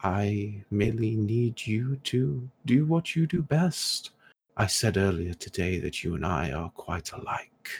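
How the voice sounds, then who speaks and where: A man voicing a scheming figure who speaks into a hero's mind, smug, patronizing and softly menacing. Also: on the low side, lively intonation, a little slow, slight background noise.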